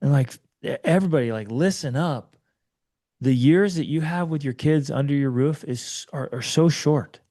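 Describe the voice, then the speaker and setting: Man, forties, interview guest, mellow low-toned voice, emphatic, storytelling, urging. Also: normal speed. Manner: emphatic storyteller, urgent and preachy. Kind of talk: conversational interview.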